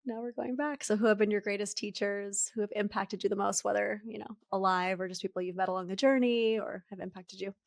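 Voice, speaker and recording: A woman's voice: medium pitch, fairly even intonation, a little fast, creaky, few pauses, no room sound. A woman in her forties co-hosting a podcast, chatting casually and reflectively, laughing often. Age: 40s. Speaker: podcast co-host. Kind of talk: casual chat.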